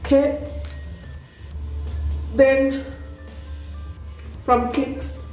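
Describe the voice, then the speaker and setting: A South African woman doing a put-on Nigerian accent, chatting excitedly and laughing at herself through a makeup tutorial. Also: sits high, drawn-out words. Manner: chatty, excitable, self-deprecating. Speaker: beauty vlogger. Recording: echoey room with faint music.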